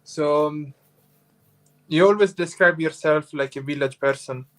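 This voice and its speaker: Italian-accented male host, higher pitch, brief interjections over a video call. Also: measured pace, fairly bright tone. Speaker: livestream host. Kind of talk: casual chat.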